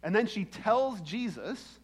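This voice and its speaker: A man's voice: high voice, animated, slow, breathy edge. A man preaching a sermon in a conversational way, often checking in with the congregation and acting out the quoted lines. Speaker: pastor.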